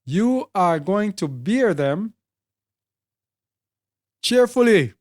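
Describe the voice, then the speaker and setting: Slow, deliberate Jamaican Bible teacher. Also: medium pitch, big pitch swings. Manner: deliberate, repeats and lists words for emphasis. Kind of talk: sermon.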